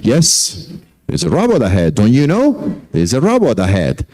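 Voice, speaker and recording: A man's voice: mid-range voice, huge pitch swings, normal speed, a little mellow. A man voicing a matter-of-fact South African male driver who keeps insisting, in a South African accent. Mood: insistent.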